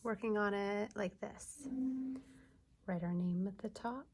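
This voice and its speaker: A woman teacher giving a video lesson to young children, sounding out words slowly and clearly. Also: mid-range voice, heavy background noise. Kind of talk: early-grades classroom video lesson.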